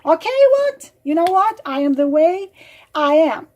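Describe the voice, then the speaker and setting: A manipulative man makes excuses in a whiny, self-pitying voice, as a woman quotes him in her own high tone. He speaks slowly and asks to be saved from himself. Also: big pitch swings, darkish tone. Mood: dismissive.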